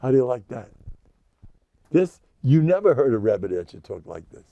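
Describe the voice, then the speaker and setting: An older rabbi, dropping into his talk. His voice is gravelly and sits at an ordinary pitch, recorded dry and close. He lectures in a joking, boastful, self-mocking way. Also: big pitch swings, moderate pace, warm tone, no echo, muffled recording. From United States. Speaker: rabbi giving a class. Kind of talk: informal Torah lecture.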